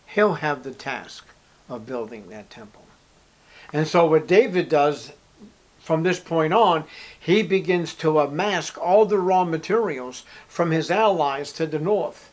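Man preaching an animated sermon. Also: on the high side, measured pace. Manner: acts out short dialogue between characters, emphatic repetition.

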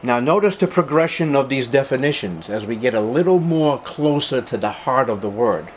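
A man's voice: medium pitch, expressive, normal speed, slight background noise. A man preaching a sermon to his congregation as pastor, emphatic, repeating key words and calling his listeners beloved. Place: church service with congregation.

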